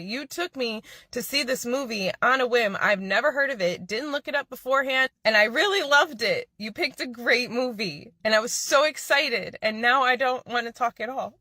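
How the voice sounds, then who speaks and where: Earnest female storyteller, bright tone. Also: on the high side, no room sound, studio quality. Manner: earnest, confiding. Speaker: social media storyteller. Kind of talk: personal storytelling.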